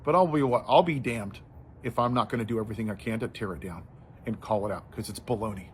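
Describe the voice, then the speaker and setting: A man giving impassioned social commentary, telling a story and then building to forceful outrage. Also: on the low side, fast talker, a little hiss or hum.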